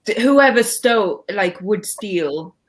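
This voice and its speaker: A woman's voice: mid-range voice, expressive, slow pace. A woman co-hosting a casual livestream, talking with lots of fillers like "like" and "you know.". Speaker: livestream co-host. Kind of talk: casual chat.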